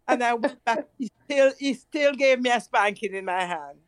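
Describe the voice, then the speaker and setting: A middle-aged Jamaican woman in casual chat, telling stories in an animated way and laughing often. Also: fairly high pitch, unhurried, no room sound. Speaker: guest.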